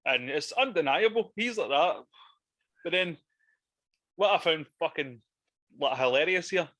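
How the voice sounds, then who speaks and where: Man, bright tense tone, dry sound, laughs a lot. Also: on the high side, lively intonation, measured pace, no echo. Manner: laughs often, sweary. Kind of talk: casual chat recapping a horror film.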